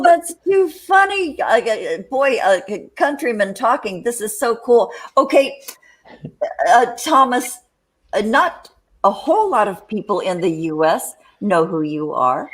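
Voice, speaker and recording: A woman's voice: mid-range voice, expressive, a little slow. Older lady host, um-ing and uh-ing her way along, video call chat. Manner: rambling, many fillers and restarts. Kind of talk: casual chat.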